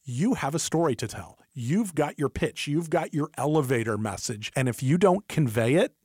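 Animated man co-hosting an advice podcast. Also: a little high, moderate pace, slightly rough, no echo, studio quality. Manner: animated, coaching, lively emphasis. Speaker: podcast co-host giving workplace advice. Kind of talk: casual advice chat.

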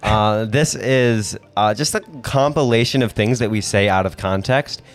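A man's voice: on the low side, normal speed, faint music behind. A young man in his late teens co-hosting a casual podcast, chatty and upbeat, with frequent "uh" fillers. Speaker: podcast co-host. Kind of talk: casual chat.

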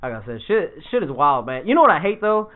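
A man's voice: on the high side, big pitch swings, fast. A man in casual podcast banter, joking and swearing a lot and laughing often at his own stories. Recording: phone-like narrow sound.

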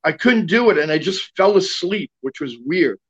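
A man's voice: high voice, animated, moderate pace, slightly rough, muffled recording. A man guest telling a long personal story in casual talk, rambling with lots of fillers and restarts.

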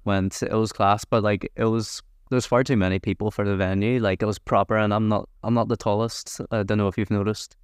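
A man's voice: fairly low pitch, flat delivery, brisk, hardly any pauses, clean tone, no room sound, clean studio sound. A man chatting as a podcast guest, telling easygoing anecdotes. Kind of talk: casual chat.

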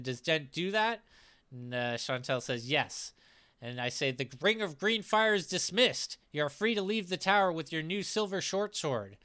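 A man's voice: fairly high pitch, pushed and bright. A man acting as game master, casually recapping a tabletop game session and reading out the players' lines, with fillers and restarts.

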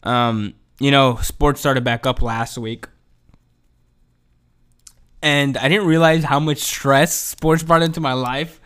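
A man hosting his own podcast in a rambling, profane solo rant, dropping to low mumbles and then rising to excited outbursts. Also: takes it slowly, long pauses, clear, resonant tone. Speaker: podcast host. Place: home.

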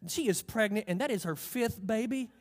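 Man doing a chatty wife voice, high-pitched, rambling, run-on. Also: moderate pace, close to an everyday voice. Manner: rambling, breathless, run-on storytelling. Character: chattering wife rambling about her day.

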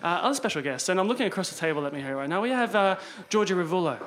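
At a dinner table, this man hosts a podcast in an easy chat, full of laughter and eager restarts of his sentences. He talks rapid-fire in a high, expressive voice with a fairly bright tone.

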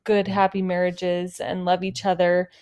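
A woman's voice: fairly low pitch, completely flat delivery, a little slow, darkish tone, clear, resonant tone. A woman co-hosting a casual podcast chat with her husband, speaking earnestly and openly, with lots of "like". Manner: earnest, heartfelt, with filler "like". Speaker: podcast co-host, wife.

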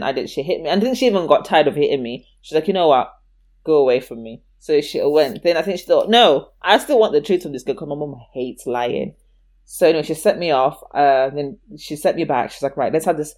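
A woman's voice: low voice, lively intonation, brisk, a little mellow. A woman in casual chat telling a childhood story, acting out the voices of the people in it and laughing often.

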